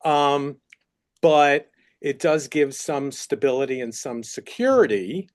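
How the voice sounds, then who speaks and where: A man with a New York accent speaks on a university panel, explaining things in a loose, chatty way. His pitch sits in the middle for a man, and he leans on fillers as he goes. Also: animated, slow pace. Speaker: faculty researcher panelist. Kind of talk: panel discussion.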